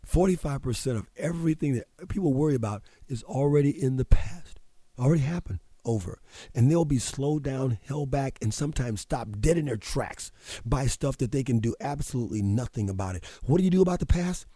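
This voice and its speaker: A man's voice: medium pitch, a little fast, mellow, breathy edge, dry recording, clean studio sound. A man hosting a show, giving a motivational talk in an emphatic, preachy way and repeating phrases for effect. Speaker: radio show host.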